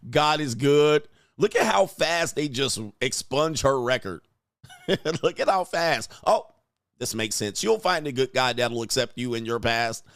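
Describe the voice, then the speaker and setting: A man's voice: medium pitch, animated, takes it slowly, fairly bright tone, no room sound, clean studio sound. A man hosting a crude, mocking reaction commentary, laughing and sneering at the clips he reads out. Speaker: host reacting to online clips.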